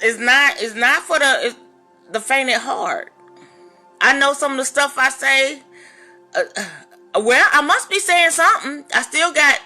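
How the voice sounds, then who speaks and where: A woman minister talking straight to her viewers in a casual, animated, preachy vlog monologue. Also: fairly high pitch.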